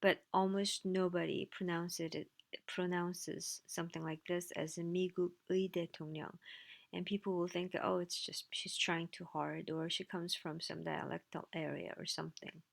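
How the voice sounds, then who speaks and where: A woman's voice: fairly low pitch, little pitch movement, normal speed, creaky. A woman teaching a language lesson, explaining slides in a casual way with dry asides. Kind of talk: recorded lecture with slides.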